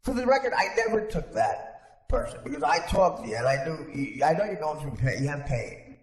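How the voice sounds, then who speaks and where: A man's voice: a little high, sing-song, brisk. A man hosting a podcast in casual chat, rambling with frequent restarts. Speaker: podcast host. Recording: echoey room with long reverb.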